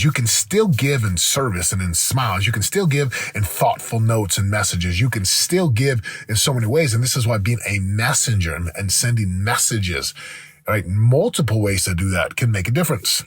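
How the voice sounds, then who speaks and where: A man's voice: on the low side, animated, normal speed, husky, no room sound. A man hosting a motivational podcast, telling a personal story in an earnest, rambling way with many restarts. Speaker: podcast host.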